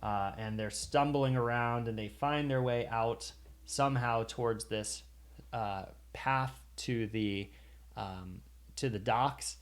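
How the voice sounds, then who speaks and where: Brief: mid-pitched male game master, halting and rambling, narrates combat for a stream. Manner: rambling, hesitant with many fillers.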